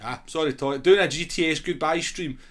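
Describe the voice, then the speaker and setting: A man's voice: on the high side, a little fast. A man with a Scottish accent chatting casually with his chat while he streams a racing game. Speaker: gaming streamer. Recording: racing game car noise underneath. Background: engine and car sounds from the game.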